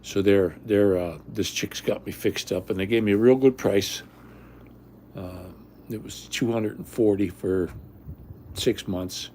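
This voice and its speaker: A man's voice: on the low side, a little slow, warm tone, a little hiss or hum. An older man hosting a casual livestream from home, talking bluntly and rambling, often repeating himself. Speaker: livestream host.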